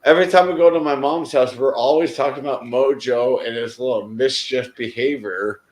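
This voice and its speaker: A man's voice: mid-range voice, moderate pace, echoey room, low-quality recording. A man in casual group conversation, telling a heartfelt story in a rambling way, often restarting his sentences. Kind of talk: casual chat.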